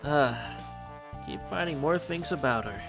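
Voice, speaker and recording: An excitable male streamer reading a visual novel aloud and chatting with his viewers, his voice sitting a touch high and swinging widely in pitch. He curses casually and reacts loudly. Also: unhurried, gravelly, over music. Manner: animated, swears freely, talks to chat.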